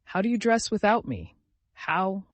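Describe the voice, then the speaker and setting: A man reading the lines of a tender, tearful young mother in an audiobook, speaking softly and with feeling. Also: high-pitched, very animated, measured pace, no echo, pitched above the performer's own voice, full character voice.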